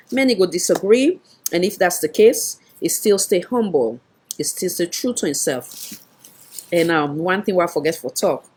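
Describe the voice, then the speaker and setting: A woman's voice: sits low, darkish tone, breathy edge. A woman with a Sierra Leonean Krio accent hosting an online show, talking emphatically in casual Krio-mixed English. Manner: talkative, emphatic, repeats for effect.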